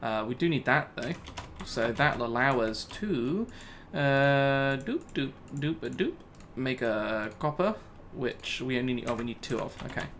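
A man's voice: mid-range voice, animated, normal speed, few pauses, a bit bright, slight background noise. A man giving casual Let's Play commentary, talking to himself and laughing at his own mistakes. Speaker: gaming YouTuber.

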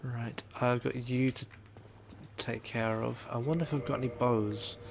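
Excitable swearing gaming commentator man. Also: medium pitch, unhurried, creaky, a little hiss or hum. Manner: excitable, swearing, shouting at the game. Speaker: gaming video host. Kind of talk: casual let's-play commentary.

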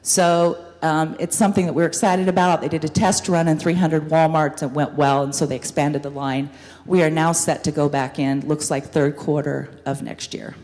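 A woman's voice: sits low, level tone, moderate pace, darkish tone. A woman giving an upbeat business presentation to an audience, with frequent ums. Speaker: guest speaker, business owner. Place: university hall. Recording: hall reverb from a room mic.

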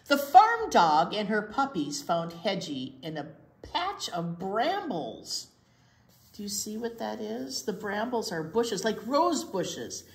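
A woman reading a picture book to small children, her voice rising and falling with great animation. She takes her time, stopping to ask little questions, in a room with a clear echo. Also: mid-range voice. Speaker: children's librarian. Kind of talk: picture-book read-aloud storytime.

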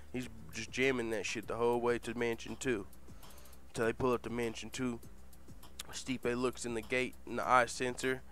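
A man hosting an online show, telling a comic made-up fight story full of swearing and laughter. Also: mid-range voice. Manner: profane, laughing, animated. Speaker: host.

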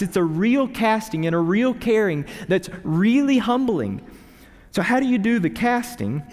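A man preaching a sermon with earnest emphasis, moving from quiet reflection to urgent pleading. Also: fairly high pitch. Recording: reverberant hall.

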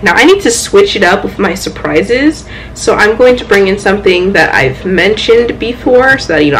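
Excitable young woman chatting about manga. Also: mid-range voice, slight background noise, poor audio. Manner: excitable, playful, jumps between loud exclamations and asides. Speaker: manga haul vlogger. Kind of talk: casual chat.

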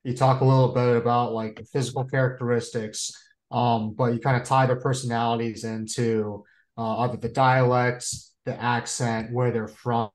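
Eager Marine veteran in an echoey room. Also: male voice, medium pitch, little pitch movement, normal speed. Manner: friendly, eager, chiming in. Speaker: Marine veteran, podcast guest. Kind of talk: conversational podcast interview.

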